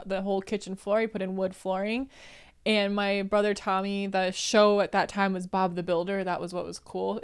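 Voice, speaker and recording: A woman's voice: mid-range voice, clear, resonant tone. A woman guest on a comedy podcast, telling family stories in casual chat, laughing often and doing impressions. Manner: chatty storyteller, laughs often, does impressions.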